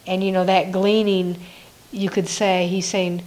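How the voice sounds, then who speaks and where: A woman giving a reflective devotional Bible teaching, musing aloud with soft laughs. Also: medium pitch, little pitch movement, a little slow, poor audio.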